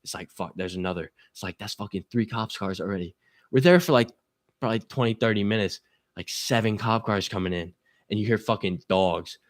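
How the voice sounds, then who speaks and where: A man's voice: fairly low pitch, fairly quick, dry recording, studio quality. Profane storytelling young man. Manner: profane, animated, acts out quotes. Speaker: guest. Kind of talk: casual storytelling.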